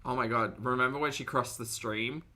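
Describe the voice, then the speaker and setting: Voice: mid-range voice, fairly even intonation, a little fast, bright, forceful tone, a little hiss or hum. Blunt, sarcastic streamer. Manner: blunt, sarcastic, swears freely. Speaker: streamer reacting to videos. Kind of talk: live-stream commentary to chat.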